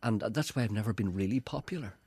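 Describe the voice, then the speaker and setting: A man's voice: lowish voice, fast, darkish tone, husky, no room sound, clean studio sound. An older man, a radio presenter chatting and telling stories in a rambling way, often repeating "you see". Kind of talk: casual chat.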